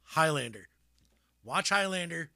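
Bright-voiced rambling man chatting about films. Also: a little high, unhurried, vocal fry, dry recording, studio quality. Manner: rambling, animated, laughs often, trails off into restarts. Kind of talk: casual chat about movies.

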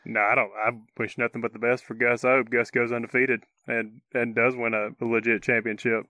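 Bright-voiced man in casual sports talk. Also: medium pitch, flat delivery, a little fast, no echo. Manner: opinionated, chuckling, easygoing. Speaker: co-host.

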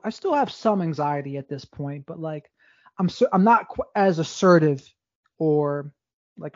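A man's voice: fairly high pitch, a little mellow, no echo, dull audio. A man, a podcast guest, telling his life story in a candid, rambling way with frequent restarts. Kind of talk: casual storytelling interview.

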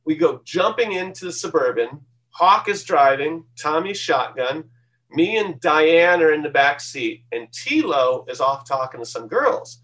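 A man in his fifties, a tattoo artist, telling lively anecdotes in an interview. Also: a little high, measured pace, far from the mic, poor audio. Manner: lively anecdotal, acts out quoted voices. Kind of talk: storytelling interview.

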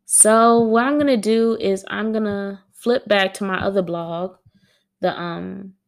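A woman poet at home, reading her own poems aloud and chatting to her listeners between them, a bit dramatic and quick to laugh at herself. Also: medium pitch, steady tone, creaky. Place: at home with a dog on a wooden floor.

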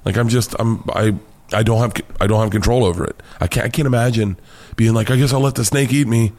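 A man from the United States, a comedian guest in an interview, telling stories in a loud, profane, animated way and laughing often. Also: fairly low pitch, fast talker. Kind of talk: casual storytelling interview.

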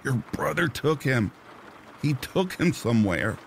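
Stammering wounded husband, breathless and scared, as a horror narrator puts him on. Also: male voice, mid-range voice, very animated, a little slow, creaky, a little hiss or hum, voice pushed up. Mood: panicked. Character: wounded frightened husband, man.

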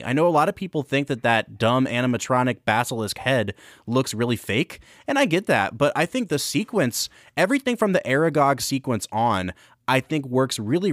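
A man's voice: mid-range voice, no room sound. A man co-hosting a podcast, talking through a film with enthusiasm and close attention to acting. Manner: enthusiastic, analytical. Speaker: podcast co-host. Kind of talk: casual film review chat.

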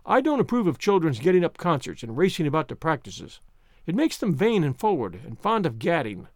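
A man's voice: fairly high pitch, very animated, brisk, dry recording, studio quality. A man voicing a stern, disapproving older spinster woman in a storybook reading, speaking in a curt, scolding way.

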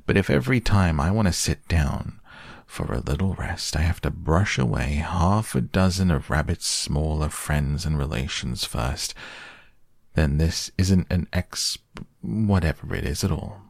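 A man's voice: a bass voice, lively intonation, vocal fry, no echo, clean studio sound, exaggerated voice. A man voicing Eeyore, the gloomy old donkey. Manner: slow, drawn-out complaining. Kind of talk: soft bedtime storybook reading.

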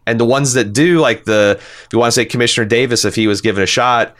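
A man's voice: medium pitch, fast talker, fairly bright tone. A man hosting a podcast, talking casually and bluntly, swearing freely as he reads listener comments and gives his opinions. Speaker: podcast host.

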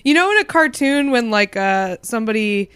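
Female comedy co-host, chatty and dry, slightly high, smooth voice, close-miked. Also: expressive, moderate pace, a bit bright, dry recording. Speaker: podcast co-host. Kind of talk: casual comedic chat.

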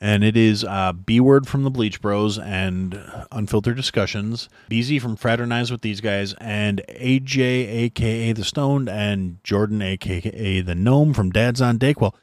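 A man's voice: lowish voice, a little slow, few pauses, no echo. A man hosting a podcast, ranting bluntly about politics with heavy swearing and lots of restarts. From United States. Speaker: podcast host. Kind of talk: profane political rant.

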